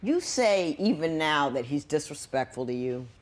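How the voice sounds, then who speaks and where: A woman's voice: deep voice, sing-song, moderate pace, heavy background noise. Blunt woman judge questioning a couple. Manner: blunt, scolding, asks pointed questions. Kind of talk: courtroom TV show questioning.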